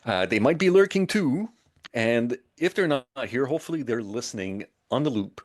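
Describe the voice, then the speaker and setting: Co-host, Quebec French accent, animated pitch, laughs a lot. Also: male voice, normal speed. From Montreal, Canada. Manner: lively, laughs often, jokes in French. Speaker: co-host of a live show. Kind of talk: casual live-stream chat.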